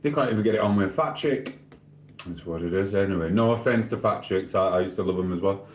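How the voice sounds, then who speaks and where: A man's voice: low voice, fast talker, a little mellow, reverberant. A man from Sheffield with a Sheffield accent, live-streaming in casual chat, reading out viewer comments and answering them in a cheeky, rambling way. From Sheffield, England. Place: home living room.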